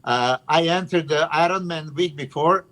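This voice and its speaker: A man's voice: on the high side, moderate pace, a bit bright, low-quality recording. A middle-aged man in a casual round-table chat, mostly adding short confirmations and recalling details. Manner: brief confirming interjections.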